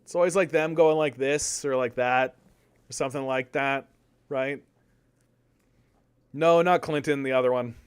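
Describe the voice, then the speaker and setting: A young man doing casual live-stream political commentary, animated, repeating words and arguing with his chat. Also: medium pitch, measured pace, long pauses, smooth. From Canada.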